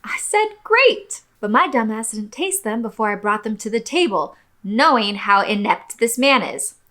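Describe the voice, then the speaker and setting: A young woman hosts a podcast and tells restaurant stories in a loose, chatty way. Her voice is bright and a little high, and she swears freely while acting out what people said. She sounds animated and candid throughout. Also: moderate pace. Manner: animated, swearing, expressive quoting. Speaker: podcast host reading a listener story. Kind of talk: casual storytelling podcast.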